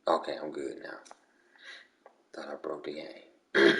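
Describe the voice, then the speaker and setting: A man's voice: extremely low pitch, level tone, takes it slowly, gravelly, pushed and bright. A man chatting casually with friends during an online game league, slangy and repetitive. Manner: slangy, repeats "bro" and "come on".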